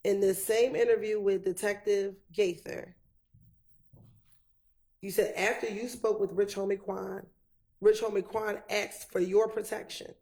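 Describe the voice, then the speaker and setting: A woman prosecutor questions a witness in a courtroom, methodical and repetitive. Her voice is gravelly and dark, and she speaks in a measured way. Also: mid-range voice, level tone.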